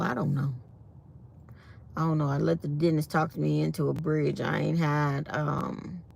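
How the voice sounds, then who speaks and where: A woman's voice: lowish voice, gravelly, a little mellow, slightly rough. Fields: Sex: woman. Role: vlogger. Style: chatty casual storytelling to viewers. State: sore mouth after dental work. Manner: chatty storytelling, speaks her mind.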